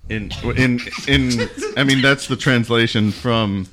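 A man's voice: mid-range voice, slow, background noise. A man with an American accent hosting an improvised comedy podcast, teasing his guests in a dry way. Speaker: podcast host.

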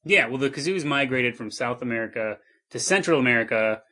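A man trading absurd deadpan bits in an improvised comedy chat. His voice sits at an ordinary middle pitch, and he laughs easily as he builds on a silly idea. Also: a little fast, a crowd in the background.

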